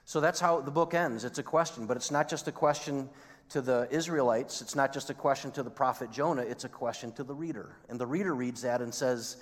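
Male preacher, mid pitch, storytelling sermon delivery with emphatic builds; long hall reverb. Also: a little fast.

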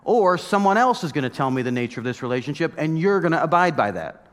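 Animated preaching man in a reverberant hall. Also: a little high, quick pace. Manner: conversational, animated storytelling with mock outbursts. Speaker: pastor. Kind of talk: sermon.

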